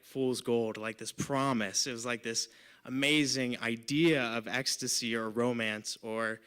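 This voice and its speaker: A young man in his twenties tells a personal story on a live storytelling stage. His voice is bright and tense, crisp and clean, loose and chatty, with constant "like" and "you know" fillers. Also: medium pitch. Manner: casual, filler-heavy, lots of "like" and "you know". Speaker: volunteer storyteller.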